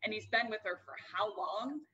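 A woman's voice: medium pitch, normal speed, bright, forceful tone, highs cut off, slight background noise. A young adult woman co-hosting a podcast, chatting casually and swearing freely as she rants. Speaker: podcast co-host. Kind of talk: casual chat.

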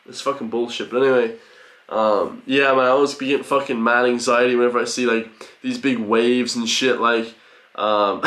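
Swearing guy reacting, roomy sound. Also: mid-range voice. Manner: excitable, profane, reacting with loud exclamations. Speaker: reaction video host. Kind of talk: casual reaction commentary. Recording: roomy home recording with faint music.

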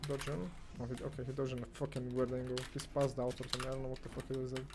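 A young man commentating on his own gameplay, excitable and foul-mouthed, swinging from muttering to yelling and ranting. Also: medium pitch, very fast, music in the background. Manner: excitable, swears, rants, swings from mumbling to yelling. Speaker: gamer streamer.

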